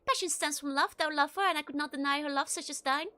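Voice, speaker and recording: A woman doing an earnest young courtly gentleman. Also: high voice, fast talker. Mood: heated. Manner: archaic courtly speech, thee and thou. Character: handsome young nobleman, earnest, hot-tempered.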